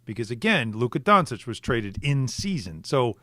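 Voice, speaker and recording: A man's voice: medium pitch, big pitch swings, fairly bright tone, no room sound. Sports radio co-host, man, easygoing, close dry mic. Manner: conversational, quick reactions, laughs along. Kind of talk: casual sports talk.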